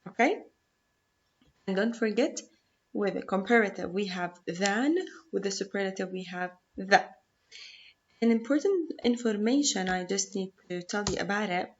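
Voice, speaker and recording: A woman's voice: medium pitch, moderate pace, highs cut off, slight background noise. A woman whose first language is Arabic, teaching an English grammar lesson patiently, repeating rules and checking in with "okay?".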